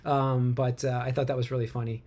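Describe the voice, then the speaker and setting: A man hosting a casual movie news podcast from home, rambling and tripping over names, quick to laugh. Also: medium pitch, little pitch movement, darkish tone. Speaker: podcast host.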